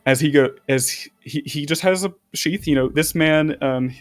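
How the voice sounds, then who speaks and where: A man's voice: on the high side, normal speed. A man running a tabletop game as game master, narrating in a chatty, loose way with restarts.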